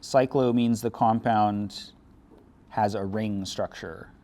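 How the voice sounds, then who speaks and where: Speaking slowly in a steady, fairly low and darkish voice, a male chemistry teacher lectures his class. His step-by-step explanations are casual and laced with dry sarcasm.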